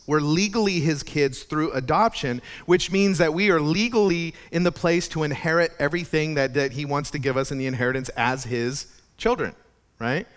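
Chatty male pastor with a bright voice. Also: a little high. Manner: conversational, chatty preaching with restarts. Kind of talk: sermon.

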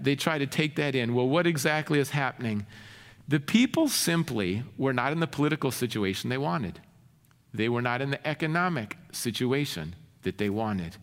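A pastor preaches a sermon in an earnest manner, often turning to the congregation with rhetorical questions. His slightly high, fairly bright voice swings widely in pitch. A long reverb trails each phrase, as in a big hall.

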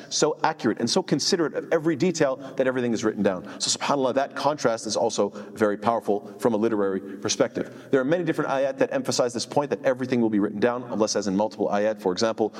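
Man, rapid emphatic teacher, rhetorical questions, reverberant hall. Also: medium pitch. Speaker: Quran teacher. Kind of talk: explanatory lesson.

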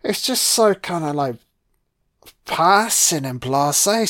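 A man's voice: a little high, lively intonation, slow, a bit bright. A man giving casual watch-along film commentary, swearing freely and talking back at the screen. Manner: profane, reactive, talks back at the screen.

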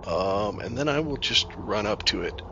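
A man's voice: lowish voice, expressive, normal speed, sharp tone. A man playing a tabletop game, hesitant and thinking aloud about his moves. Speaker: player. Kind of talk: casual tabletop play. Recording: noisy mic.

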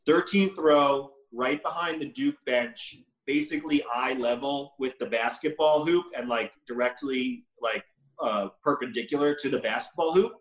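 A man's voice: medium pitch, normal speed. Young guy on a podcast, casual and argumentative, curses a lot, roomy echo. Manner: blunt, profane, argumentative. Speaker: podcast co-host. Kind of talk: casual chat. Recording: echoey room.

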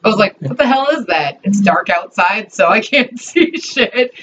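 Woman co-host, casual chat, lively storyteller who mimics voices; muffled recording, faint hiss. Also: mid-range voice, normal speed. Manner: animated storyteller, voices quoted people. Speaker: podcast co-host. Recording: dull lo-fi recording.

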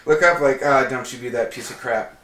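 Speaking a bit quickly in a medium-pitched voice, this male guest spins a lengthy tale during relaxed chat and performs each quoted line with lively storytelling flair. The sound is distant, as if captured across an echoing room.

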